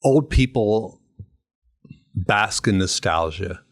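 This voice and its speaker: Animated middle-aged man telling road stories. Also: on the low side, slow pace. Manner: animated storyteller who acts out voices. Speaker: podcast guest. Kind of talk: casual storytelling.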